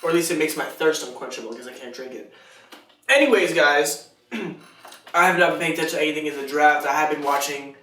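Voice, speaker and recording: A man's voice: on the high side, fast talker, bright, forceful tone. A man co-hosting a casual sports podcast, rambling and joking, laughing often. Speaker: podcast co-host. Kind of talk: casual chat. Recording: echoey room, mic at a distance.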